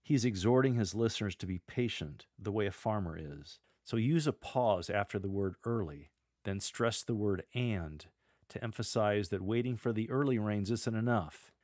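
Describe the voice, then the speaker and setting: A middle-aged man teaching church lectors how to proclaim a reading, measured and deliberate, pausing to model the lines. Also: fairly low pitch, darkish tone, dry recording, clean studio sound. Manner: measured, demonstrates readings aloud with deliberate pauses. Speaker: lector coach. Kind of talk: instructional podcast on scripture reading.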